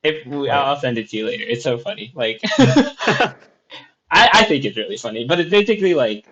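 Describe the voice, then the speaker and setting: A man's voice: mid-range voice, sing-song, brisk, a loud crowd. A man co-hosting a casual podcast chat, rambling with lots of fillers and restarts. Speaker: podcast co-host. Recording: dull lo-fi audio.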